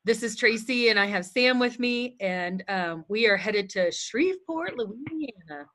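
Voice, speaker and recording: A woman hosting a podcast, with a bright voice pitched a little high. She keeps up quick, playful banter and laughs easily at her co-host's stories. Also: lively intonation, slight background noise. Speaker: podcast host. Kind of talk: casual podcast chat.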